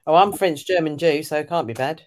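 A woman's voice: low voice, a little fast, darkish tone. A woman from England, chatting casually and laughing along. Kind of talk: casual chat.

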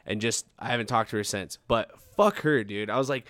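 A young man tells a long story in casual podcast chat, swearing often and acting out how he reacted back then. His voice is lowish and fairly bright, delivered briskly with few pauses and no room sound.

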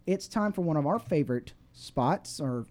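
A man's voice: on the high side, expressive, moderate pace, a little mellow. A man hosting a call-in sports radio show, reading scores and chatting casually with fillers and restarts. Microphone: studio microphone.

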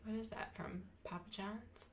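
A young woman co-hosting a casual podcast. She tells stories with lots of animation and swears freely. Her pitch is mid-range. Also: normal speed, a little hiss or hum. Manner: animated storyteller, swearing, acting out voices. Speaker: podcast co-host. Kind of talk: casual chat.

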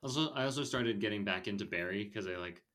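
A man's voice: on the low side, quick pace, fairly bright tone, a little hiss or hum. Rambling opinionated male podcast host. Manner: rambling, opinionated, many fillers. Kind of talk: casual movie podcast chat.

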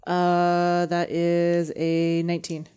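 A woman playing a tabletop game, quick and matter-of-fact as she states her moves. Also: lowish voice, completely flat delivery, warm tone, clean tone. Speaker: player. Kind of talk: casual tabletop game play.

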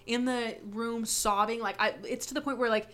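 A young woman telling a story on a podcast in a casual, animated way, swearing freely and peppering her talk with "like". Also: fairly high pitch, normal speed. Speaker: podcast guest.

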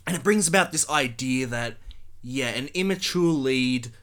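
A man's voice: medium pitch, expressive, normal speed, a bit bright. A man co-hosting a film review podcast, rambling animatedly through vivid hypotheticals with the odd swear word. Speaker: podcast co-host reviewing films. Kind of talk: casual film review chat.

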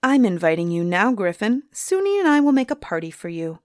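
Gentle young boy, read by a woman, kind, dry. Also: mid-range voice, sing-song, brisk, dry recording, lightly acted. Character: tall gentle young boy with smiling eyes.

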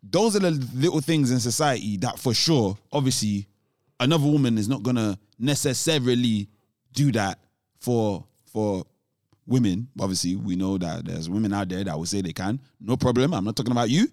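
A man's voice: lowish voice, normal speed, darkish tone, no echo, clean studio sound. A man chatting casually as a co-host, rambling off on tangents with lots of restarts and street slang. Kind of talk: casual chat.

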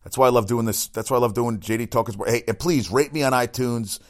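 A man hosting a solo sports podcast, talking in a rambling, excitable way with crude asides and frequent self-corrections. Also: mid-range voice, fast.

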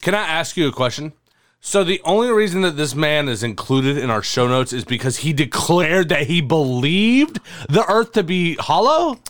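A man's voice: fairly high pitch, animated, moderate pace, no echo. A man co-hosting a comedy podcast, reacting with exasperated disbelief and frequent swearing. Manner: exasperated, incredulous, swearing, bursts into loud laughing protests. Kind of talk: casual comedic podcast chat.

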